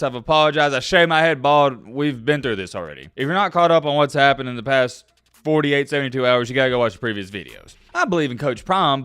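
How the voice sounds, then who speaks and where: A man giving casual sports commentary, animated and excitable, talking straight to his viewers. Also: on the high side, no echo, clean studio sound.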